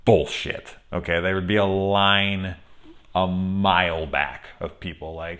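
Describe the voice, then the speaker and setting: A man with a very low voice talks through a film review in a loose, rambling way. He swears freely, gets heated, and laughs between points. It sounds like an off-the-cuff spoiler chat. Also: steady tone, slow pace, a bit bright. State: angry.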